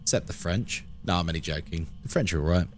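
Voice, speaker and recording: In a low-pitched voice and at a fast clip, an English man chats and jokes with viewers while streaming a horror game, often at his own expense. Faint music plays behind him, and he's in a home room next to a busy road.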